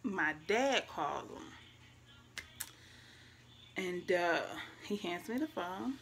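A young woman, speaking in a bright, clear voice that sits a little low. She recounts a personal story in a casual, emotional way. Her voice often sinks to a hushed near-whisper, over faint background noise. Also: animated, very slow. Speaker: vlogger.

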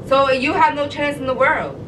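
A woman's voice: sits high, moderate pace, roomy sound. A young pregnant woman vlogging, talking in a blunt, exasperated way with street slang and lots of repetition. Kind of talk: casual argument on camera. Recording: distant mic with vehicle noise.

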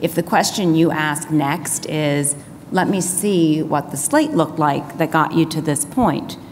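A woman panelist at a business conference arguing her point in a measured, persuasive way. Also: sits low, expressive, a little mellow. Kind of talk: panel discussion. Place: conference hall. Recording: reverberant hall with faint noise.

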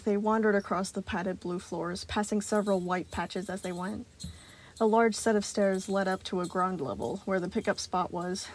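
A woman narrating a fan fiction story in a calm, even voice. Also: mid-range voice.

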